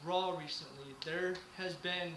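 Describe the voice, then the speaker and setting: A man with a somewhat high voice talks through his wrestling picks in a loose, hesitant way, filling gaps with "uh". The recording sounds echoey and carries clear background noise. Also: steady tone, unhurried. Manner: hesitant, lots of uh fillers. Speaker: co-host. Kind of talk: casual wrestling prediction chat.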